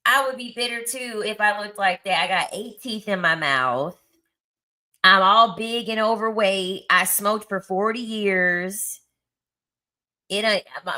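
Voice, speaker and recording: A woman's voice: mid-range voice, bright, forceful tone. A woman in her thirties telling a story in casual chat, blunt, crude and mocking, laughing often. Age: 30s. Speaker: content creator.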